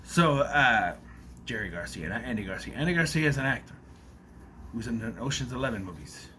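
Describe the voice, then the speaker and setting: A man talks through a film's plot in a loose, rambling vlog style, dropping curses along the way. His voice is bright and swings widely in pitch. A faint room ambience sits behind him. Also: expressive, brisk, slight background noise. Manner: rambling, loose, swears freely. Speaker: movie recap vlogger. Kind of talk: casual spoken movie recap.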